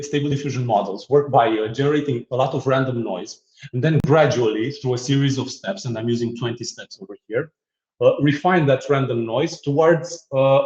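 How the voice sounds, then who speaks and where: A man giving a casual software demo, joking and laughing often, with many restarts and fillers. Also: mid-range voice. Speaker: guest demonstrating software. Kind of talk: casual tech demo chat. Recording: roomy, slightly dull remote audio.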